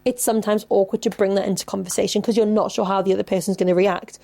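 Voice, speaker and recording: A woman's voice: mid-range voice, steady tone, fast talker, gravelly, mellow. A woman in her twenties who hosts a podcast, giving advice in a casual chatty way, swearing freely and saying "like" a lot. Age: 20s. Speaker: podcast host.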